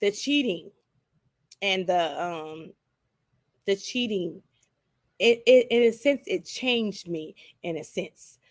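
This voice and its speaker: A woman's voice: medium pitch, expressive, slow, long pauses, dry recording, studio quality. A middle-aged woman chatting on a live stream, answering viewers candidly and rambling with frequent restarts.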